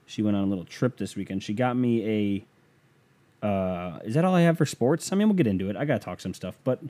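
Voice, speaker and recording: A man's voice: fairly low pitch, animated, fairly quick, mellow. A young man rambling through a joking, self-mocking casual rant as a vlogger.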